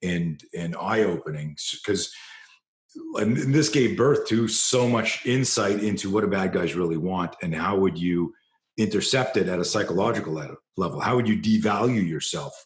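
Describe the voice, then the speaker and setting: A middle-aged man, a self-defense trainer, telling a story in an interview and growing animated as it builds. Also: moderate pace, reverberant. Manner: animated storyteller, rising in pitch and force when excited.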